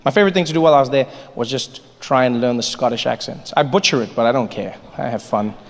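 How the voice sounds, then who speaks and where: A man doing stand-up comedy, telling stories in an animated, playful way. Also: medium pitch, fast. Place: large live venue with audience. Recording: live hall with long reverb, faint ambience.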